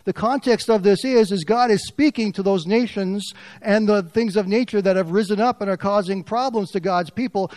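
A man preaching a sermon as pastor, swinging from loud, raised passages to quiet, near-whispered lines. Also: sits high, normal speed, no room sound.

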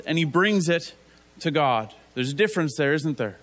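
A man's voice: a little high, moderate pace, a bit bright. A man preaching a conversational sermon, asking rhetorical tag questions and acting out biblical figures in casual voices.

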